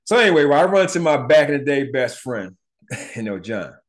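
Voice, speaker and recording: A man's voice: mid-range voice, normal speed. A middle-aged man hosting a podcast, telling a personal story in a casual, profane way and acting out the voices of the people in it. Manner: animated, profane, acts out voices in his retelling. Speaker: podcast host.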